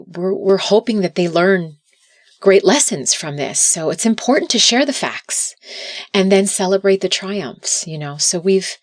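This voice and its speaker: A woman's voice: mid-range voice, lively intonation, a little slow, no echo, clean studio sound. A middle-aged woman talking earnestly as a podcast guest, sometimes repeating words as she restarts. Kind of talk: casual interview talk.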